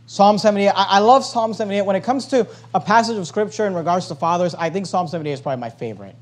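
His voice sits high and his pace is quick as this male pastor delivers a forceful sermon, dropping to a hush then rising loud, repeating lines for impact.

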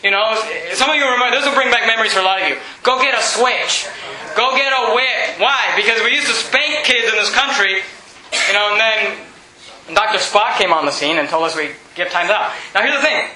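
A man preaches with a bright, sharp edge and a high pitch, repeating his points and rising into shouts. His voice rings in an echoey room with faint ambience behind it. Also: brisk. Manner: emphatic, repetitive, often shouting. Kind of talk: sermon.

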